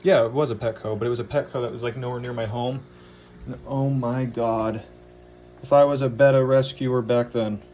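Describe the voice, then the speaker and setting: Casual man, middle pitch, rambling home-aquarium vlogger who talks to his fish and swears lightly. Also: fairly even intonation, moderate pace, darkish tone, a little hiss or hum. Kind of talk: casual vlog chat.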